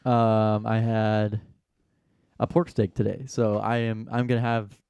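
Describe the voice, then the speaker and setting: A man co-hosting a podcast in casual chat, laid-back and halting with ums. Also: lowish voice, little pitch movement, darkish tone, clean tone, no echo, highs cut off. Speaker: podcast co-host.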